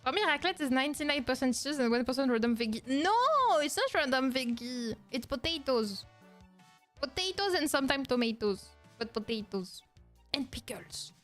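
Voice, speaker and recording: French woman streamer, young, high-pitched, playful and mock-outraged, quick to laugh, faint music underneath. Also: expressive, fairly bright tone. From France. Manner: playful, mock-indignant, laughs often, broken English phrasing. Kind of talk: casual react-stream chat.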